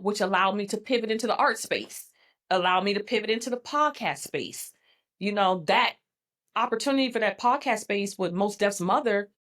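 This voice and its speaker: A middle-aged woman, a guest in a casual interview, telling her story in a lively way and acting out what people said. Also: on the high side. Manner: animated storyteller, acts out quoted dialogue.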